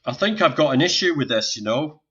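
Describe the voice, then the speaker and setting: This livestream host has a medium-pitched, expressive voice that's a little fast, with a sharp tone and a breathy edge. An older man with a Northern English accent, he jokes with viewers while sorting out tech issues, recorded in dull lo-fi audio.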